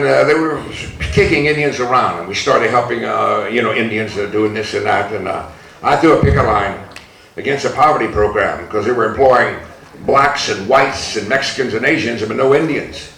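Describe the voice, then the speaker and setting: A man's voice: mid-range voice, vocal fry, a bit bright. An older man speaking as an activist at a reunion, telling blunt, profane stories with laughter in his voice. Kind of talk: storytelling speech. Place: large hall. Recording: echoey hall recording.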